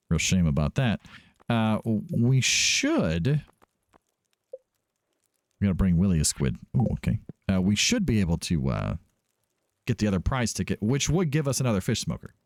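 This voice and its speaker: Guy with a deep mellow voice doing let's play commentary, rambly, corrects himself a lot. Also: dry recording, clean studio sound. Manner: chatty, thinks aloud, corrects himself often. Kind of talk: casual gameplay commentary.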